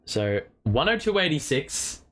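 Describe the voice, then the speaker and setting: A man calls a game as a partisan fan, his fairly high voice rising into excited shouts on big plays and dropping low and muttered in lulls. He swears freely and talks straight into a desk mic. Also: a little slow. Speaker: host of a fan watchalong stream. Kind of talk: fan play-by-play commentary.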